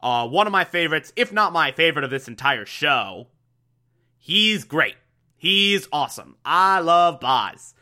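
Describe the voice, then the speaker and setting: A man's voice: a little high, sing-song, moderate pace, pushed and bright. A young man casually recapping a TV show, enthusiastic and repetitive, with lots of fillers. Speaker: TV recap host.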